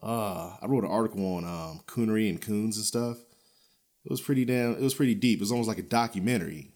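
A man hosting a podcast, ranting in a blunt, profane, animated way with frequent chuckles and a loose, rambling delivery full of restarts. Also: on the low side, quick pace. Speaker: podcast host. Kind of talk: casual ranting podcast commentary.

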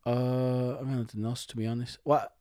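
A man's voice: medium pitch, flat delivery, moderate pace, mellow, dry recording, studio quality. Slangy laid-back podcast co-host man. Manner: slangy, storytelling with laughs and acted-out quotes. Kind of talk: casual podcast chat.

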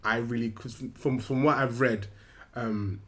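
A man's voice: medium pitch, fairly even intonation, a little slow, a crowd in the background. Easygoing young man chatting about films. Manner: rambling, restarts sentences, laughs often. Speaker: podcast co-host. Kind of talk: casual chat about films.

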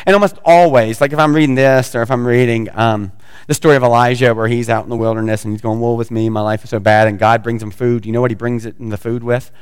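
A man's voice: medium pitch, steady tone, fast, smooth, big-room sound. A man preaching a sermon as pastor, talking conversationally with joking asides to the congregation.

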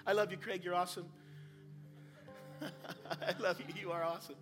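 A man preaching a sermon, swinging between quiet asides and shouted emphasis, with playful jokes and wordplay for the congregation. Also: high-pitched, steady tone, moderate pace, long pauses, over music.

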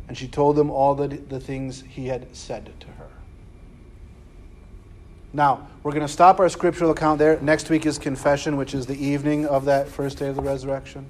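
A man's voice: medium pitch, level tone, normal speed, a little mellow. A man preaching a casual Bible class, conversational and full of "right?" and slangy asides. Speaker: preacher teaching a scripture class.

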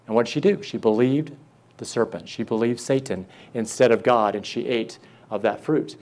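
Guy giving a sermon, normal pitch, talks it through casually, acts out quotes. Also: normal speed, a little mellow. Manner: conversational, asks the congregation questions, acts out quoted lines. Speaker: preacher.

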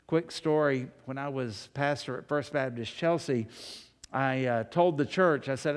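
Deliberate preacher in an echoing hall. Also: male voice, mid-range voice, smooth. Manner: slow, deliberate, conversational preaching. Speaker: pastor. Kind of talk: sermon with personal stories. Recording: long hall reverb.

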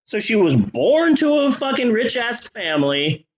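A man with a rather high voice riffs sarcastically on a bad movie, cursing freely. His pitch jumps all over the place as he tells the story. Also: moderate pace, muffled recording, crowd noise. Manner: profane, sarcastic, animated storytelling. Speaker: podcast co-host. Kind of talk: casual comedic movie-review podcast chat.

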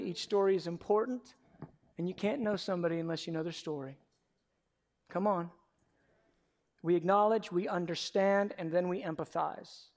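A man preaching a sermon from the pulpit, moving between hushed, personal storytelling and loud, emphatic exhortation. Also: high voice. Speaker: pastor.

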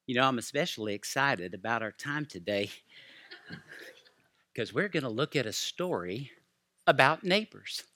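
A man's voice: medium pitch, pushed and bright. A man preaching a sermon in an earnest, heartfelt storytelling way. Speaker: pastor.

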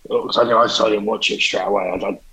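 A man's voice: on the low side, steady tone, fast talker, bright, forceful tone, low-quality recording. A man joining a casual film chat in a laid-back way, with rhetorical asides.

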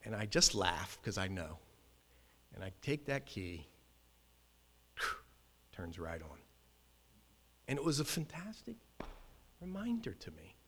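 Animated male pastor, emphatic storytelling sermon, bright and forceful tone, reverberant church hall. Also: on the low side, husky. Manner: animated, emphatic, quick restarts.

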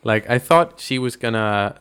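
A man co-hosting a casual movie review podcast, retelling scenes in a lively way and laughing often. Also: lowish voice, measured pace, clear, resonant tone. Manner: animated retelling, acts out lines, laughs often. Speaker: podcast co-host.

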